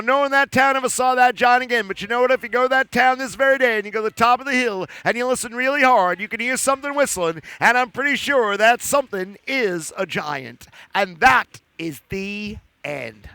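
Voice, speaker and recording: High, bright, playful children's storyteller. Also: male voice, fast talker, hardly any pauses, smooth, no room sound. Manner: playful, animated and silly, talks to the kids. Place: outdoor park event, live audience.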